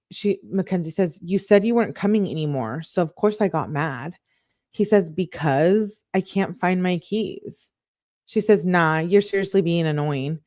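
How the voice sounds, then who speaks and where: A woman's voice: on the low side, a little mellow, no room sound, studio quality. A woman reading out a couple's text messages one by one, adding exasperated comments of her own between them. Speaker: true-crime commentator.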